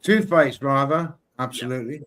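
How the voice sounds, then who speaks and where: A man from Britain co-hosting a live boxing watchalong, excitable and energetic in his play-by-play. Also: medium pitch, moderate pace. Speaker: co-host.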